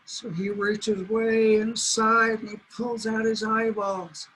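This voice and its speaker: A man telling a traditional animal story aloud in a slow, deliberate way. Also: sits high, flat delivery, bright, forceful tone, a little hiss or hum, poor audio. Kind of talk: oral storytelling.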